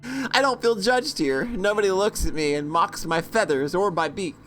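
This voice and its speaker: A woman's voice: medium pitch, moderate pace, faint music behind. A woman playing through a game and reading its story aloud, giggling and swearing, with crow caws thrown in. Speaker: let's play host.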